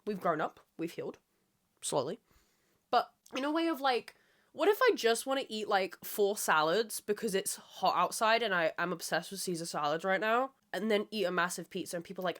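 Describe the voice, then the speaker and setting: A woman's voice: mid-range voice, animated, a little fast, sharp tone. A woman hosting her own podcast, ranting with heavy swearing and rambling off track in a solo monologue. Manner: rambling, loses her train of thought. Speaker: podcast host.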